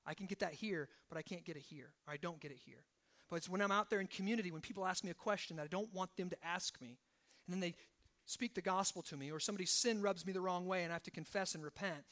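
A man preaching a sermon. He swings from hushed, low emphasis to loud, rising exhortation and keeps checking in with "right?". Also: fast talker. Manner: asks the congregation rhetorical questions, often adding "right?". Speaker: pastor.

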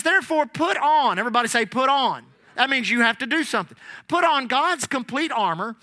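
High, bright-voiced male preacher. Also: no room sound. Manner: animated, repeats lines, calls out "amen". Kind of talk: sermon with storytelling.

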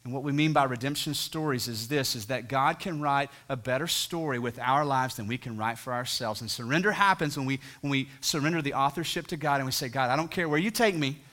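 A man's voice: medium pitch, brisk, few pauses, bright, forceful tone. A man in his thirties preaching a sermon as a church pastor, earnest and telling stories with dramatic voiced quotes. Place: church sanctuary.

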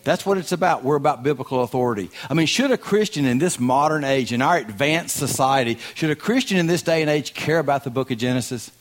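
A man's voice: medium pitch, animated, fast talker, few pauses. A man with a Southern US accent, a guest speaker giving a sermon in a folksy, joking and emphatic way. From American South.

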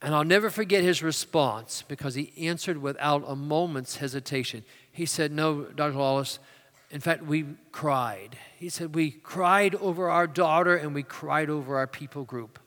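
In a spacious church sanctuary, a male preacher gives a sermon at normal speed, his voice bright and fairly high. His delivery shifts from forceful, loud statements to soft storytelling, and a long echo lingers after each phrase.

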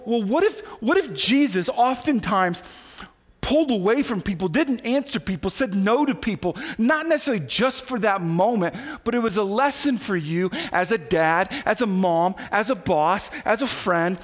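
A male pastor preaching a sermon, animated and conversational, acting out quoted voices with quick asides. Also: high-pitched. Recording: recorded sermon audio.

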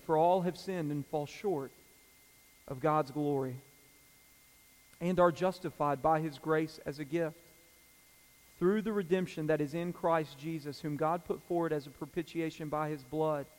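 A pastor preaching a Wednesday evening sermon in a conversational way, with filler words and side comments, who also reads scripture aloud at a measured pace. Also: male voice, a little high, a little mellow, long reverb tail. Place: church sanctuary.

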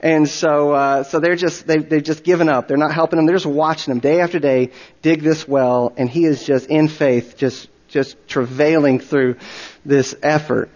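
A man's voice: on the high side, fairly even intonation, moderate pace, darkish tone. A man preaching, retelling a story earnestly and often repeating words as he goes. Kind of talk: sermon storytelling. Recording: dull recording with long reverb.

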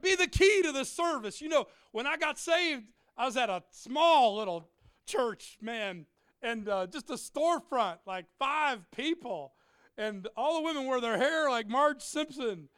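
A middle-aged man preaching a humorous sermon, animated and joking, swinging from shouts to quiet asides. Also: very high-pitched, a little slow, clear, resonant tone, no echo. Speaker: pastor.

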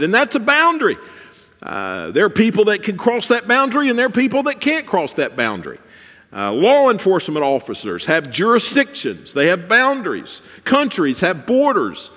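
Male pastor preaching, high voice, long church reverb. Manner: preaching with swings between soft and emphatic. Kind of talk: sermon.

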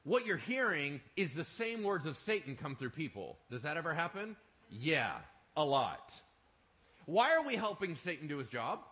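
A male pastor preaching a sermon in an animated, emphatic way, often asking his listeners questions. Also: a little high, normal speed.

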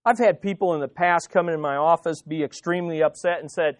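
A man's voice: a little high, fast talker, hardly any pauses, no room sound, studio quality. A man preaching an earnest, conversational sermon as pastor, often repeating words as he goes.

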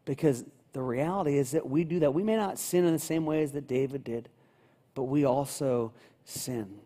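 A male pastor preaching a sermon in a church, earnest and unhurried, reading scripture slowly. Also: mid-range voice, dark tone. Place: church sanctuary. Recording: long church reverb.

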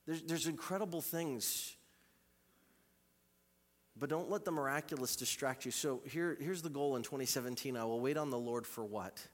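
A man preaching a sermon as a pastor, swinging from loud, urgent calls to quiet, intimate passages and repeating phrases for emphasis. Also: medium pitch, moderate pace. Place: church sanctuary. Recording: live church recording with long hall reverb.

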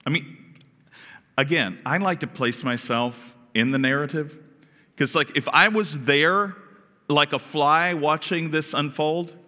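Male pastor, bright, conversational sermon, reverberant church hall. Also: fairly high pitch, a little slow. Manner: animated, conversational, asks the congregation questions.

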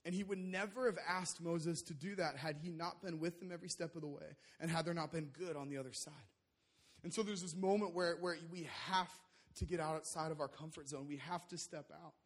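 Young male preacher, high voice, animated storyteller, loose and full of fillers. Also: a little fast. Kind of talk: sermon with personal story.

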